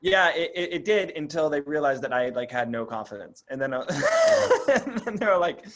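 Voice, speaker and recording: A man's voice: a little high, huge pitch swings, moderate pace, fairly bright tone. Easygoing young man, slight Boston accent. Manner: self-deprecating, easygoing. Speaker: comedian guest. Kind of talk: casual chat.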